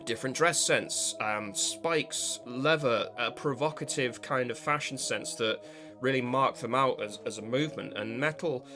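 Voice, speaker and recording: A man talks through a long commentary piece at a middling pitch. He speaks in a discursive, analytical way, stringing ideas together with frequent fillers and restarts. A little music sits quietly in the background. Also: unhurried. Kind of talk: spoken video essay.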